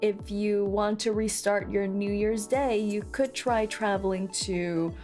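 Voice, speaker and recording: A woman VTuber streamer chatting casually with her chat. She is playful and teasing, with bursts of squealing excitement. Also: mid-range voice, measured pace, faint music behind. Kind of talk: casual livestream chat, reading chat aloud.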